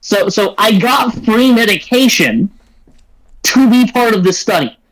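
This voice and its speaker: A man telling a personal story in a quick, matter-of-fact way during a casual chat. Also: high voice, lively intonation, fairly bright tone, low-quality recording. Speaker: tabletop game player.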